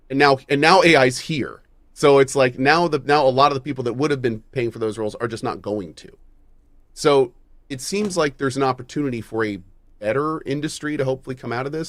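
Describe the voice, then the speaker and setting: A man hosting a casual gaming talk show, musing aloud with halting restarts and casual swearing. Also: medium pitch, fairly bright tone, no room sound. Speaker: podcast host. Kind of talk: casual gaming news discussion.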